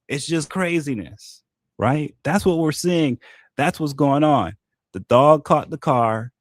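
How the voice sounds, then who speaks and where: A man hosting a show, delivering an animated political commentary monologue with emphatic repetition. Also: on the low side, no echo, clean studio sound. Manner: animated, emphatic, repeats himself. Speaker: show host.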